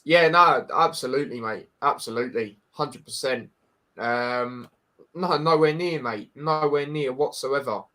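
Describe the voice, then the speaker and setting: An unhurried Scouse podcast host with a mid-range, sharp-toned male voice chats casually about football. Bluntly frank, he often begins again, repeats himself and addresses people as "mate."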